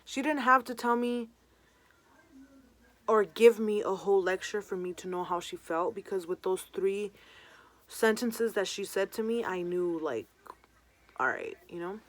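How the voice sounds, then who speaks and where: A woman's voice: medium pitch, a little slow, long pauses. A young woman vlogger telling a personal story in a casual storytime, full of "um" and "like". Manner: chatty, many fillers like "um" and "like".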